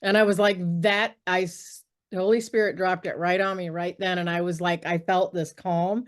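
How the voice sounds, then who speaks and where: A middle-aged woman, a podcast guest on a video call, telling stories in a lively way, laughing often and acting out what people said. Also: fairly low pitch, moderate pace. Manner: lively, laughs often, acts out quoted dialogue. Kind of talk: animated storytelling in conversation.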